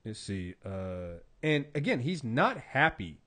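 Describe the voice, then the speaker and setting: A man co-hosting a casual podcast about comic books, retelling stories in an animated way with lots of fillers. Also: mid-range voice, takes it slowly. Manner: animated storyteller, acts out quotes, many fillers. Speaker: podcast co-host. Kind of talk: casual comic book chat.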